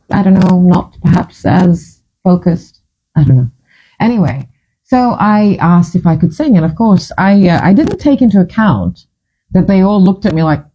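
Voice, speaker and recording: Low husky woman telling stories. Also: poor audio. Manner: animated, laughs often, acts out quoted voices. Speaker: singer and storyteller. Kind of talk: casual storytelling monologue.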